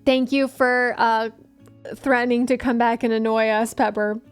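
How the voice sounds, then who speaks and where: A woman's voice: fairly high pitch, steady tone, normal speed, smooth, dry recording, faint music behind. A woman streamer chatting casually while she plays, telling a story and laughing often. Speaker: gaming streamer. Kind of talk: casual live-stream chat.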